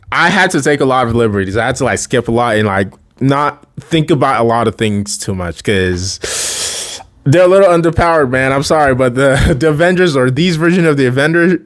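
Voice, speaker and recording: Speaking in a mid-range voice, a man rambles casually through commentary as a fan video creator, frequently fixing himself mid-sentence and laughing softly between ideas.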